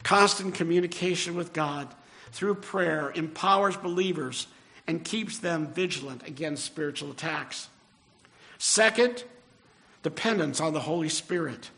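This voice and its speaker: An older male pastor delivers an earnest sermon in a notably high-pitched voice. He pushes his voice up for emphasis and slows down to land the key phrases. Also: gravelly, pushed and bright.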